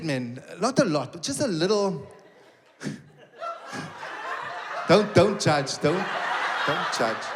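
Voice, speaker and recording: A middle-aged man with a South African accent telling a story in a stand-up routine, slipping into quick voice impressions. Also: high voice. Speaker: stand-up comedian. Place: comedy stage before a live audience. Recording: live show with loud audience noise. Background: audience laughter.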